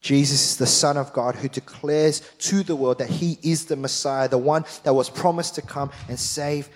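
A man's voice: a little high, steady tone, moderate pace. A middle-aged man preaching a sermon as pastor, fired-up and emphatic with repeated phrases. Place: large church hall. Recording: long church hall reverb.

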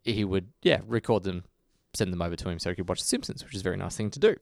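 A man's voice: sits low, big pitch swings, creaky, no room sound, studio quality. An Australian man hosting a casual podcast chat, reading out listener mail between asides. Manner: chatty, reads listener mail, slips into quick impressions. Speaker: podcast host.

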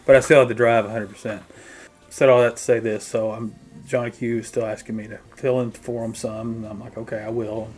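Man telling animated band stories. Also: mid-range voice, brisk, slightly rough, soft background music. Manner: animated anecdotes, mimics the people he quotes. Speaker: guest musician, drummer. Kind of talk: casual interview storytelling.

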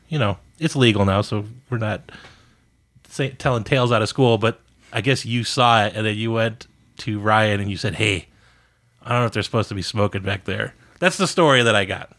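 A man co-hosting a podcast, telling a workplace anecdote in a loose, animated way. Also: on the low side, normal speed. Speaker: podcast co-host. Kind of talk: casual storytelling chat.

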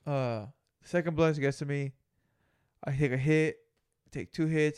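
A man's voice: medium pitch, normal speed, gravelly, clean tone. A young man co-hosting a podcast, telling a story in a laid-back, slangy way with heavy swearing. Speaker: podcast co-host. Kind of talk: casual storytelling chat.

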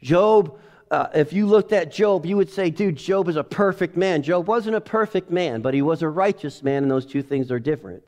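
Dynamic male preacher, fairly high voice. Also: moderate pace. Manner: dynamic preaching, swinging from quiet asides to loud exclamations. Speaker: pastor. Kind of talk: sermon.

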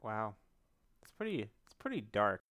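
A man with a smooth, clear voice and a lively, bouncing pitch chats on a casual comedy podcast. He is playful and plays along with the jokes. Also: unhurried, no echo, studio quality. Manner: playful, giggly, goofs on bits. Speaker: podcast co-host.

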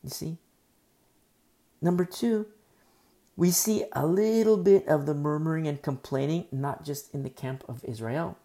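A man's voice: a little high, a little slow, long pauses, dark tone. A man preaching a sermon, teaching through a Bible passage and repeating key phrases for emphasis. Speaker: pastor.

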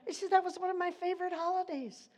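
A woman's voice: very high voice, steady tone, fairly quick. An older woman leading an informal church Bible study, chatty and rambling, laughing often between points.

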